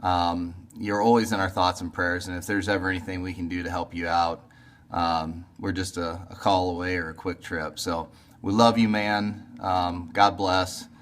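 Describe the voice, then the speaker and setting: A man's voice: deep voice, little pitch movement, normal speed, fairly bright tone. A man in his forties giving an earnest, encouraging birthday message.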